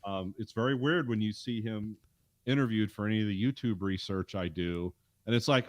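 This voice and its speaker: A man's voice: lowish voice, moderate pace, no room sound. A man co-hosting a podcast, chatting casually and rambling through an episode recap with plenty of fillers. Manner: rambling, conversational, with frequent fillers. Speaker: podcast co-host.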